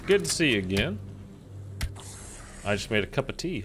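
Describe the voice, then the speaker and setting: A man's voice: mid-range voice, sing-song, normal speed, a bit bright. Chatty male streamer over game noise. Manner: rambling, chatty, talks to viewers. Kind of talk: casual gameplay chat.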